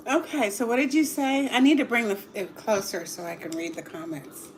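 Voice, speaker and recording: A woman's voice: fairly high pitch, moderate pace, a little hiss or hum. A middle-aged woman chatting casually to her livestream viewers while eating dinner at home, laughing often and murmuring as she tastes the food. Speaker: livestream cooking host. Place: home dining table.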